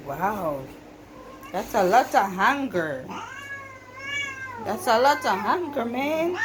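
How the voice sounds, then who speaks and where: A woman vlogger coaxing and chatting with her cats at home, her voice sitting a bit high and swinging up and down a lot as she talks. She takes her time over the words. Steady noise runs behind her in the recording. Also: slow, pauses often. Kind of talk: casual vlog talk to camera and pets.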